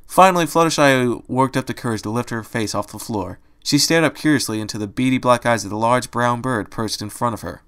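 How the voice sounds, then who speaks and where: A man's voice: mid-range voice, fairly quick, few pauses, a bit bright, smooth. A man reading a fan fiction story aloud, narrating steadily. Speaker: reader.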